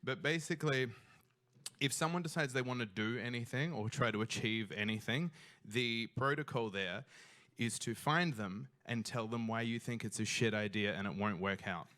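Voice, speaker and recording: Animated Australian man telling a story. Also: medium pitch, normal speed, no room sound, clean studio sound. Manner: animated, self-mocking, swears freely, acts out voices. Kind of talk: live storytelling.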